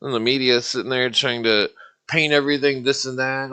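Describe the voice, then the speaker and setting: A man's voice: mid-range voice, fairly even intonation, normal speed, bright, forceful tone. A man hosting a livestream, ranting angrily and profanely in a rambling way, with restarts. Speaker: livestream host.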